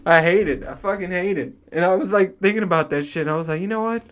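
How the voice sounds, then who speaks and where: A man's voice: high-pitched, fast. Laid-back rambling man, casual and profane. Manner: rambling, profane, laughs often. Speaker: solo podcast host. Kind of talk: casual monologue.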